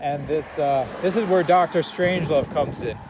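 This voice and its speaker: A young man chatting casually about a film he loves, rambling, laughing and stacking up fillers. His voice sits a little high for a man, with faint noise behind him. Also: moderate pace. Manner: rambling, laughing movie recap full of fillers. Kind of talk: casual chat.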